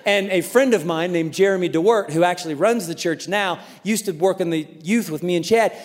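A man preaching a sermon as a pastor, telling a story in an animated way and acting out the voices in it. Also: high voice, a little fast, long reverb tail. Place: large church auditorium.

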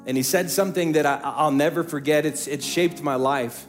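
Male pastor, fairly high voice, storytelling sermon, soft instrumental music under it. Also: normal speed. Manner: storytelling, shifts from hushed to rising emphatic preaching. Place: church stage.

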